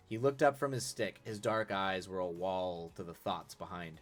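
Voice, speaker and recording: A very deep-voiced male streamer reading a story aloud on a live stream, breaking off for casual, chuckling asides. Faint music plays behind him as he fixes his own slips. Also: fairly even intonation, moderate pace.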